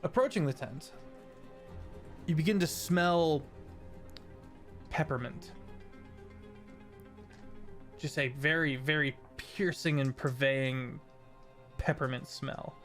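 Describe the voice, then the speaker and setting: Slow-talking male game master, slightly high voice, hesitant delivery. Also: fairly bright tone, soft background music. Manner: unhurried, hesitant with many fillers. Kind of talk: narrating a tabletop game.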